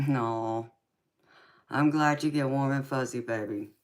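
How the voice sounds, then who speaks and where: A woman with a very deep voice and a thick Southern accent talks slowly with viewers on a live stream, where she reads tarot. She chats casually, calls people pet names like baby and darling, and laughs often between remarks.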